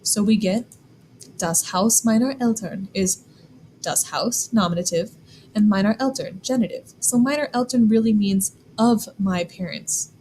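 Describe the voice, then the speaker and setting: A woman explaining German grammar in a clear, deliberate lesson, slowing down to spell out examples. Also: medium pitch, mellow, slight background noise, rough recording. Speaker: German teacher. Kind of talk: scripted classroom explanation.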